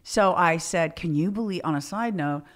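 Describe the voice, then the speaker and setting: Lower-pitched woman telling a profane story. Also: normal speed. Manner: profane, animated storytelling with quoted dialogue. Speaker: podcast host. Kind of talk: casual storytelling chat.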